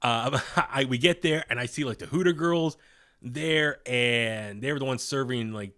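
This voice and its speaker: A man's voice: medium pitch, unhurried, pushed and bright. A young man as a podcast guest, telling a long story in a rambling, casual way with many fillers and restarts, acting out the voices of the people in it. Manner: acts out quoted voices.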